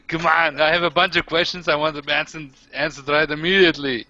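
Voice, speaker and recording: A man's voice: on the high side, fairly even intonation, brisk, sharp tone, dry recording, muffled recording. A man playing a tabletop game, sometimes talking in broken caveman speech for his character. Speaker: player. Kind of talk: casual tabletop play.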